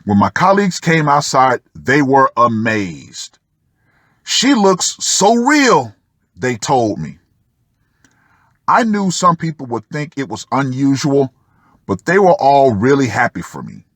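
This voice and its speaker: Slow, lively-pitched man reading with sarcasm. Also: no room sound, studio quality. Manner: sardonic asides to the listener. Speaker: channel host reading an article. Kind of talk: reading a first-person article aloud with commentary.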